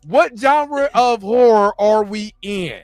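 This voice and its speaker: A man's voice: sits high, slow pace, no room sound, studio quality, faint music behind. A man co-hosting a casual livestream chat, laughing and protesting a lot. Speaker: co-host.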